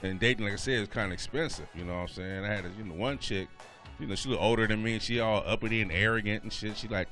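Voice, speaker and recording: A man's voice: fairly low pitch, fast, bright, forceful tone, soft background music. A male comedian telling a loose, slangy stand-up story on a radio show.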